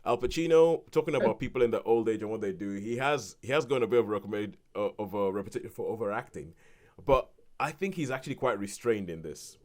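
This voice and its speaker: A man giving a casual spoken film review on a podcast, rambling with many restarts and turning animated when he quotes people. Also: on the low side, fast talker.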